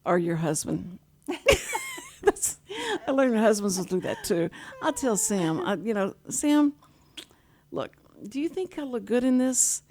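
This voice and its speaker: A woman's voice: on the high side, measured pace. A middle-aged woman, a sign language interpreter, telling stories in casual chat and acting out quoted voices with laughter. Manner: animated, acts out quotes with laughter.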